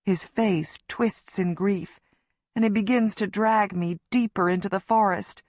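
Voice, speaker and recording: Slow, measured woman narrating an audiobook. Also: mid-range voice, darkish tone, no echo, studio quality. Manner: measured, tense storytelling. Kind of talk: first-person audiobook narration.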